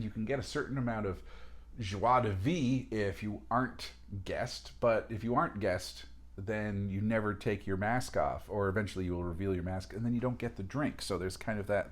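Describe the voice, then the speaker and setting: A man talking through an academic reading in a casual lecture, rambling with restarts and lively asides. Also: on the low side, moderate pace. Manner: discursive, many fillers and restarts, animated asides.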